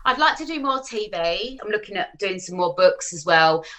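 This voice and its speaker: Bright-voiced chatty woman, forties. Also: medium pitch, normal speed. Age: 40s. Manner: chatty, animated, frank. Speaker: finance influencer guest. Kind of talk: casual interview chat.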